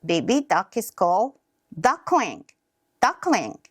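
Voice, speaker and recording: A woman teacher showing a toddler play activity, speaking in slow, simple, encouraging words. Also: mid-range voice, very animated, breathy edge, no room sound, clean studio sound. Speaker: early childhood teacher.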